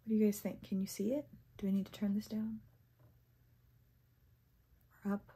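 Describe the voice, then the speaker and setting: A young woman reviewing makeup on camera, chatty and easily excited, sometimes reading product text aloud and tripping over words. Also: medium pitch, moderate pace, husky. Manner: chatty and excitable, gasping at swatches. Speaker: beauty vlogger. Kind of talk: casual first-impressions makeup review.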